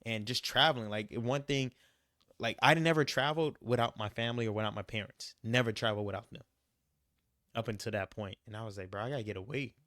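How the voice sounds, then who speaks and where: A young man's travel vlog carries casual motivational talk, emphatic and repetitive, with plenty of "you gotta." He speaks fairly quickly in a medium-pitched, steady, sharp voice, recorded with studio quality and no room sound.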